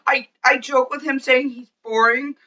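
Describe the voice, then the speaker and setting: A woman co-hosting a casual chat, playful and excitable, teasing her husband. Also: high voice, normal speed, recorded from a distance. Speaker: co-host.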